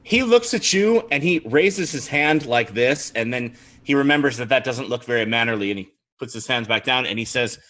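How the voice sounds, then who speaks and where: A man's voice: medium pitch, lively intonation, normal speed, hardly any pauses, fairly bright tone. Man narrating as game master.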